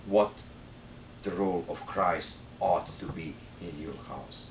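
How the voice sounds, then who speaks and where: A man with a Serbian accent, a priest, speaks in a lowish voice as he gives a lively storytelling talk and acts out each person's lines. The recording is roomy and echoey, taken from a mic some distance from him in a retreat hall. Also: takes it slowly, noisy background. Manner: animated, acts out dialogue in the story.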